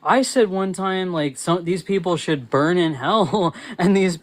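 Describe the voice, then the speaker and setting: A man on a live stream, angry and profane, who stumbles through his phrases and restarts them. His voice sits a touch high and climbs sharply when his rage boils over into shouting. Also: rough recording. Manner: angry, swearing, yelling in bursts; halting, restarts mid-phrase. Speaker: livestream host. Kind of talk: live-stream rant and chat reading.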